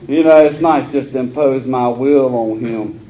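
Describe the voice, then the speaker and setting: A man in his forties with a Southern US accent, speaking at a recovery meeting in a folksy, rambling way with rough humor. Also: mid-range voice, unhurried, warm tone, a little hiss or hum. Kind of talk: personal recovery talk.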